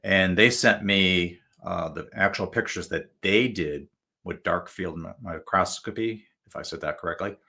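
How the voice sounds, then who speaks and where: A man's voice: sits low, normal speed, vocal fry, sharp tone. A male guest telling stories in a casual, rambling way, full of fillers and restarts. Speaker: guest author. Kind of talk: casual storytelling.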